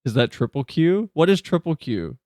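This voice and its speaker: A man's voice: fairly high pitch, very animated, darkish tone, no echo. Chatty male streamer, dry close sound. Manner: chatty, answers chat, quick asides. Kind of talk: casual livestream chat.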